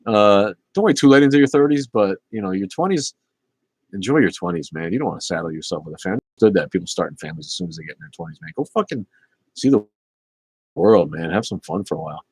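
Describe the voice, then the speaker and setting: Man, fifties, stream host; low voice, casual and rambling, dry sound. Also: fast, breathy edge, no room sound. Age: 50s. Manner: relaxed, rambling, with many fillers. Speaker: livestream host reading chat. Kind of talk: casual livestream chat.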